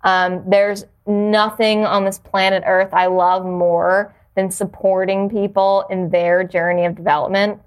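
A woman's voice: mid-range voice, flat delivery, a little slow, few pauses. Earnest woman guest, reflective. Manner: earnest, reflective, with many restarts. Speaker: podcast guest, yoga teacher. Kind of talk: casual interview conversation.

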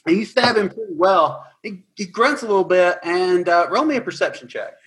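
A man narrating a tabletop game as dungeon master, his voice sitting a little high. He recaps and sets scenes in a lively way, with occasional fillers. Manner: animated, quick recaps with fillers.

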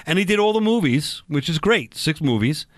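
A man's voice: fairly high pitch, sing-song, moderate pace, no room sound. Guy hosting a radio talk show, rambly, lots of uhs, dead dry studio sound. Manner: rambling, with many fillers and restarts.

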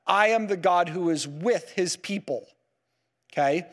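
A man teaching a Bible class, lively and full of rhetorical questions, checking in with "okay?" and "right?" as he goes. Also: high voice, a little slow, long reverb tail. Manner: peppers sentences with "okay?" and "right?". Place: lecture room with slides.

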